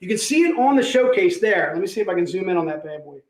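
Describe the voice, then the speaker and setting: A high-voiced man hosts a livestream sale of collectibles with hyped, joking energy. His voice rings out in an echoey room. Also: sing-song, fast talker. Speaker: host selling collectibles. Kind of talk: livestream sales pitch.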